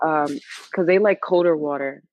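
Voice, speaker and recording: A woman from New York with a New York accent, a podcast guest chatting casually and relaxed, filling her speech with "like". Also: low-pitched, normal speed. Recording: dull, dry, muffled sound.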